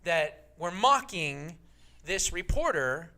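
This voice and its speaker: A man's voice: a little high, sing-song, slow pace, bright, forceful tone. A man co-hosting a political talk radio show, telling a story in an indignant, emphatic way.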